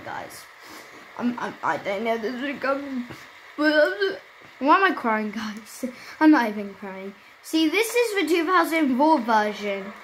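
Woman gamer host, high voice, excitable and chatty running commentary. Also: a little hiss or hum, rough recording. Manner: excitable, chatty, talks to viewers. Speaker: gaming channel host. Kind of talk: casual gameplay commentary.

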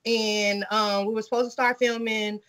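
A woman hosting a casual podcast chat, telling stories in a blunt, profane and animated way. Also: a little high, moderate pace. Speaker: podcast host.

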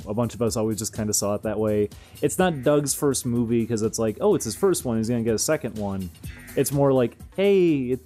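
A man's voice: medium pitch, mellow. A young man streaming, rambling through casual commentary with frequent amused laughs.

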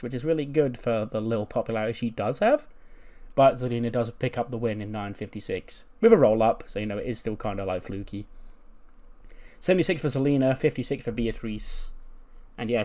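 Young guy rambling through his game run, swears a lot, ordinary pitch. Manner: chatty, swears, laughs at the results. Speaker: gaming channel host. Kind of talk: casual game commentary.

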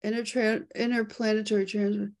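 A woman hosting a casual live webinar over a video call, excitable and quick to laugh as she reads poll results and the chat. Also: mid-range voice. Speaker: host.

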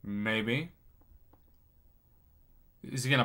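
A man commentating on someone else's game crystal openings, excitable and jokey, with sudden loud bursts of surprise. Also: mid-range voice, moderate pace. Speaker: gaming commentator.

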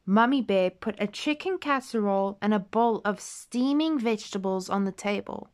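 A woman reading a children's storybook aloud in a clear, gentle read-aloud manner. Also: medium pitch, normal speed.

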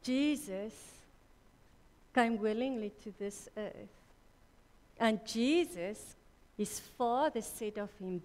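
Slow-preaching woman in a hall. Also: on the high side, darkish tone. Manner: slow, deliberate preaching with restarts and self-corrections. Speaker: conference speaker. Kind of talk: sermon. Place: church hall. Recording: reverberant church hall.

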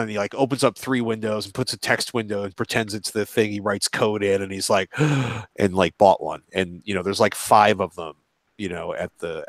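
A man with a fairly low voice, talking as a panel guest in a live online discussion. He rambles through his thoughts, jumping into acted-out quotes along the way. The sound is dry and close. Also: gravelly, a bit bright, dry recording.

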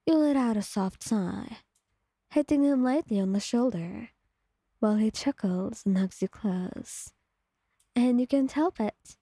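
A woman with a breathy voice telling a calm second-person story in soft ASMR narration, close to the mic. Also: fairly high pitch, unhurried, no echo.

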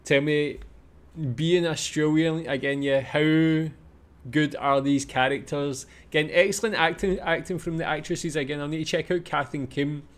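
A man's voice: on the high side, steady tone, normal speed. A man hosting a reaction video, talking in casual, rambling commentary and repeating himself. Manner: rambling, repeats "again" and "yeah".

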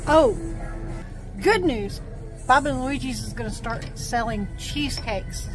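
A woman talking casually as a vlogger, chatty and unhurried with many fillers. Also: fairly high pitch, expressive. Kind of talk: casual vlog narration. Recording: loud music under the voice.

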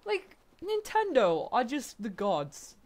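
A young woman giving casual, excitable commentary while playing a video game, swearing freely and talking back to the characters. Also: fairly high pitch, takes it slowly. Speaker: let's play gamer.

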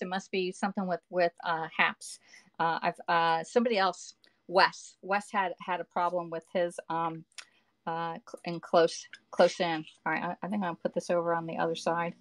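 A woman's voice: lowish voice, level tone, moderate pace, a bit bright, dry recording. A woman, hosting a live cooking stream from her home kitchen, chatting with viewers and reading their comments aloud. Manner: chatty, reads viewer comments aloud, talks to the audience with "y'all" and "okay".

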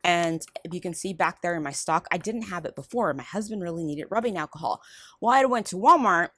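A woman's voice: lowish voice, brisk, no room sound, studio quality. A woman vlogger chatting casually about her shopping haul at home, rambling from one item to the next. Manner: rambling, chatty, lively ups and downs. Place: home room.

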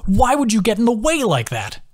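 A man voicing an anxious young male team leader who rants, grumbles and half-yells, in an audiobook. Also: mid-range voice, animated, fast talker, lightly acted. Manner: frantic, grumbling, yelling.

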